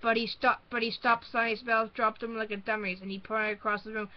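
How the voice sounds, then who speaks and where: Woman reading a kids' horror book aloud, stumbling reads, higher voice, muffled lo-fi audio. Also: level tone. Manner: halting reading with frequent restarts. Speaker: storybook reader. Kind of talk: first-person read-aloud of a horror book.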